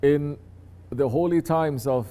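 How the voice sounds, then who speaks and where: A man's voice: a little high, slow, warm tone. A man, a sheikh, teaching his disciples in a conversational sermon, often turning to ask listeners if they understand.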